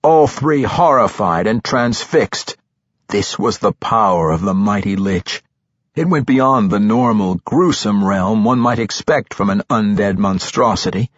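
Male audiobook narrator, fantasy novel, husky voice, lively pitch, dull dry recording. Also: dry recording. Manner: expressive storytelling, slows for suspense.

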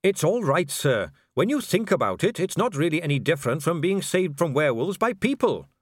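A man's voice: a little high, very animated, fairly quick, no echo, studio quality, voice pushed up. A man voicing a cheerful, earnest young male watch captain who is polite and keeps saying sir.

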